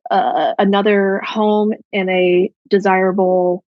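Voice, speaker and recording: A woman's voice: medium pitch, flat delivery, slow, no echo. A woman in her thirties talks candidly as a podcast guest, with many fillers as she explains. Her mic sounds dull and lo-fi. The sound is dry and close. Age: 30s. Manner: chatty, filler-heavy retelling. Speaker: guest, one half of a couple.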